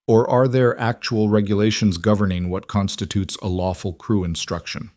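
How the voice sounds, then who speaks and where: Calm exec guy, reasonable, precise, low and dry, man reading it. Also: moderate pace, no room sound, close to an everyday voice. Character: calm, principled male business executive.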